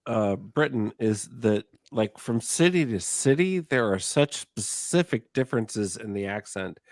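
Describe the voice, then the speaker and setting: A man muses in an easygoing way during a casual online chat. His voice is gravelly and moves a lot in pitch. The sound is dry and close. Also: lively intonation, unhurried, no echo.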